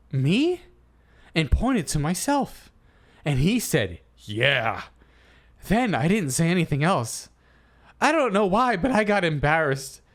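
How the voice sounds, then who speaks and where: A man co-hosting a comedy podcast, reading a listener's post aloud and then arguing his side in a playful, animated way. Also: high voice. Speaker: podcast co-host.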